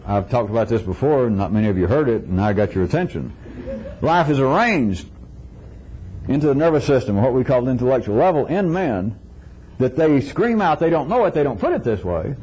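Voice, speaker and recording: A man's voice: medium pitch, darkish tone, slightly rough, poor audio. A man giving an informal philosophical lecture to a live audience, wry and chuckling, acting out little dialogues in shifting voices.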